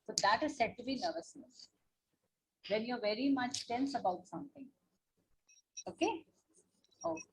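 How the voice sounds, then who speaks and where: On a low-quality recording, a woman with a high-leaning, expressive voice speaks at normal speed with long pauses. She teaches an online class in Indian English, patient and repetitive, often checking in with "na?" and "okay?"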